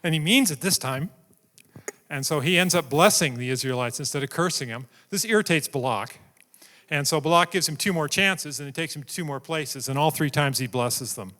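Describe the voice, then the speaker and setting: Bright-voiced male preacher in a hall. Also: on the high side, brisk. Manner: animated storytelling, acting out scenes. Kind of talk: sermon. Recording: long reverb in a large hall.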